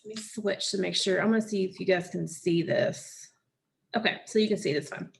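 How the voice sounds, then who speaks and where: A woman teaching a phonics lesson, slowly and patiently sounding out words and syllables for children. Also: mid-range voice, creaky, a little hiss or hum.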